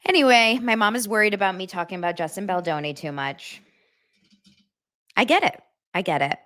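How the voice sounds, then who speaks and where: A woman hosting a casual pop-culture vlog, gossipy and animated, often repeating herself. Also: mid-range voice, a little fast, dry recording, clean studio sound. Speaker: pop culture vlogger host. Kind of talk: casual chatty vlog monologue.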